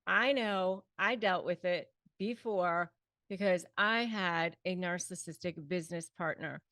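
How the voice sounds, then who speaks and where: A woman's voice: lowish voice, measured pace, a bit bright, no room sound, clean studio sound. A woman hosting an advice talk, speaking emphatically and repeating points to rally the viewer. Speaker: host and self-help coach on narcissistic abuse. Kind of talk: direct-to-camera advice talk.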